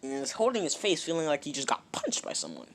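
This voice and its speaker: A man's voice: fairly high pitch, wildly swooping pitch, fast talker. A man casually retelling a fan-made story, rambling with many fillers and "he's like" asides.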